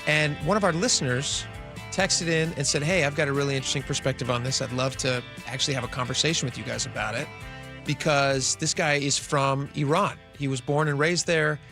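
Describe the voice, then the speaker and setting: A man's voice: a little high, steady tone, brisk, vocal fry, music in the background. A man co-hosting a radio talk show, chatting casually and rambling through restarted thoughts. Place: radio studio. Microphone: studio microphone.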